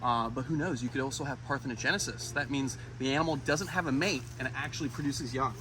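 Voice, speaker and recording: A man hosting a wildlife vlog outdoors, talking excitedly to his animals as he feeds them. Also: medium pitch, fast, noisy background. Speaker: wildlife vlogger and zoo keeper. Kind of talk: casual outdoor vlog narration. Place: outdoors at animal enclosures and a pond.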